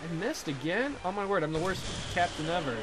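A man's voice: high-pitched, lively intonation, a little fast, background noise. A young man giving casual, joking commentary over a pirate video game, with crude, playful asides. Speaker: let's play gamer.

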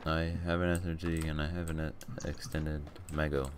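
A man's voice: low-pitched, completely flat delivery, brisk, noisy background. A young man streaming a game, bantering and laughing casually with a friend. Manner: joking, laughing often. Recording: keyboard clicks behind voice.

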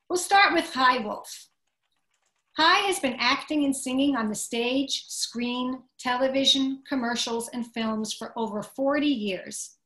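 A woman host, an editor, reading a scripted introduction and then interviewing a guest on a video call, measured and clear. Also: high voice, a bit bright. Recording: echoey room on a video call.

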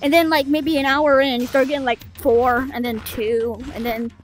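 Brief: playful, teasing female game streamer with a high voice, chatting casually into a headset mic. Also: level tone, moderate pace, slight background noise. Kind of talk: casual gameplay livestream chat.

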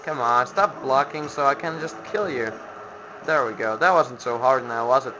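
A man's voice: medium pitch, normal speed. A man from Finland commentating a video game he plays, grumbling, sarcastic and swearing at the enemies. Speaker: gameplay commentator. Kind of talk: let's play commentary. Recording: lo-fi home mic with background noise.

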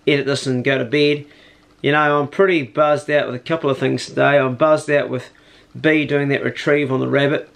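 A man's voice: medium pitch, vocal fry. A man, chatting casually and slangily in his hunting vlog, first out on a farm and then indoors. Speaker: hunting vlogger.

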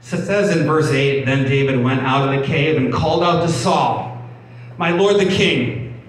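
A man's voice: mid-range voice, moderate pace. A male pastor giving a sermon, reading scripture and explaining it conversationally, often restarting and repeating words. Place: church hall. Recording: echoey room, mic at a distance, faint background hum.

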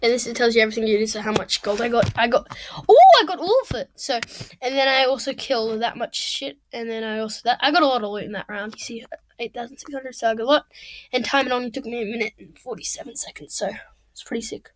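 A young woman giving casual, rambling commentary while playing a game at home, excitable and swearing freely. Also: on the high side, fast talker, a little hiss or hum. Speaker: gamer. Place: home room at a computer.

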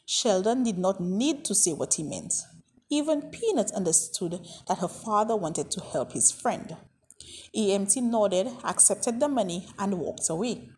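A woman reading a children's story aloud with an expressive, varied delivery. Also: medium pitch, measured pace, slight background noise. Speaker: narrator.

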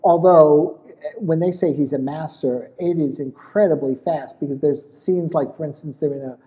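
A man's voice: a little high, moderate pace, big-room sound, highs cut off. A male guest chatting casually in an interview. He rambles, with many restarts and "you know"s. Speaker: guest, essay author and podcaster.

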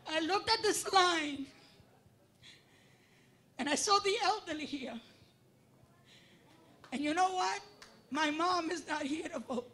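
A woman union vice president giving an emotional rally speech outdoors, building to shouts. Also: very high-pitched. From Latino community, United States. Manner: passionate, rising to shouts. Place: outdoors at a voting line.

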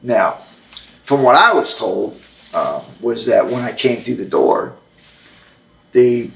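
A man's voice: medium pitch, big pitch swings, creaky. Man telling a rambling story, echoey room. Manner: rambling, halting storytelling with restarts. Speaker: interview guest, former wrestler. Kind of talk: storytelling in an interview.

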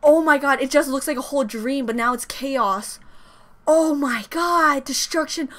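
A woman giving an excited fan reaction, gushing and swearing, with sudden jumps in her voice. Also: high-pitched, unhurried. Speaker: reaction video host.

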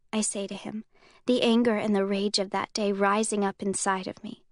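A woman reading an audiobook in the first person, with even, measured storytelling. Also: mid-range voice, dry recording, studio quality. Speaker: audiobook narrator.

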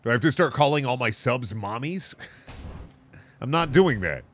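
A man's voice: mid-range voice, animated, unhurried, a bit bright, slight background noise. A man streaming a video game, ranting and swearing in a casual, mock-outraged way. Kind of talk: casual gaming stream commentary.

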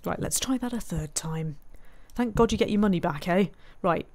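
A woman's voice: fairly low pitch, normal speed, a little mellow. A woman giving casual let's-play commentary, chatting to herself and muttering frustrated asides while she builds. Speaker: game streamer.

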